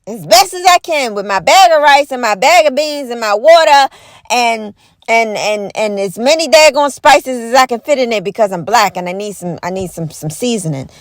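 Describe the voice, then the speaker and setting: A woman delivering an animated, exaggerated comedic rant to camera, folksy and emphatic, with repeated catchphrases and quick mock voices. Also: on the high side, no room sound. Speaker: vlogger.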